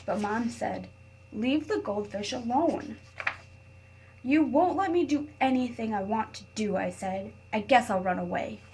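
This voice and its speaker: A woman teacher reading a picture book aloud to her class, patient and clear, pausing to guide students. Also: high voice, slight background noise.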